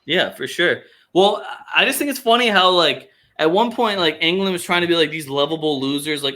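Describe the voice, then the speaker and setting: A man's voice: fairly high pitch, animated, brisk, hardly any pauses, sharp tone. A man hosting a casual sports podcast, ranting with heavy swearing and sarcasm. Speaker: podcast host.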